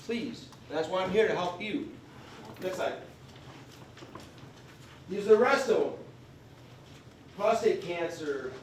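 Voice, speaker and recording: High-voiced man teaching an echoey class. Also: distant mic, a little hiss or hum. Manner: folksy, emphatic, checks in with "okay?". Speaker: veterans benefits presenter. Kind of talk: live class presentation. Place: convention meeting room. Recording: echoey room recorded from afar.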